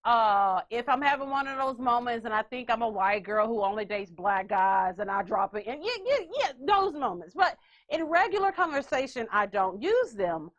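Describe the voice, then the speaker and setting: A woman's voice: fairly high pitch, very animated, moderate pace, dull audio. A woman hosting a podcast in casual chat, brash, joking and profane. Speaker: podcast host.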